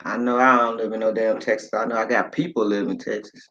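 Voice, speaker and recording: A man's voice: on the low side, little pitch movement, fast talker, noisy background. Late-50s man, livestream host, rambling casual chat, muffled phone-quality audio. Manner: rambling, reads viewer comments aloud, swears casually.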